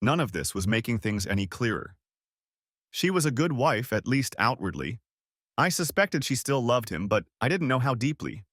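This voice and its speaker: Male audiobook narrator, emotional first-person read, lively pitch, dry close mic. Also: moderate pace, no echo.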